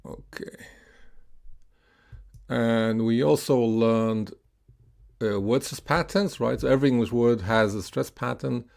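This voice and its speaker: A male teacher with a gravelly, mid-range, slightly mellow voice leads a classroom pronunciation lesson. He's slow and patient, saying "uh" often and checking with "right?", modeling words slowly so learners can repeat them.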